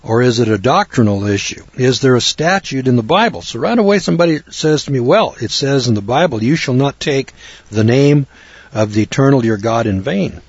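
A man's voice: medium pitch, animated, brisk, slightly rough, dry recording, highs cut off. An older American man giving informal, rambling Bible teaching in a folksy manner with frequent restarts. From United States.

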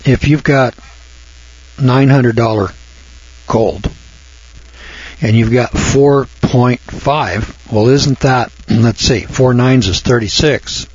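A man's voice: medium pitch, takes it slowly, pauses often, husky. A man giving a folksy classroom lecture, stammering at times and growing heated when he makes a point. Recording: dull lo-fi recording.

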